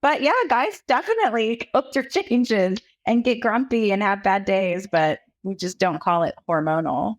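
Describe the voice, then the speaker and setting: A woman's voice: mid-range voice, normal speed, hardly any pauses. A woman from South Texas, a women's health founder, telling stories in a casual interview, acting out quotes and laughing often. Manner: animated storyteller, acts out quotes with laughter.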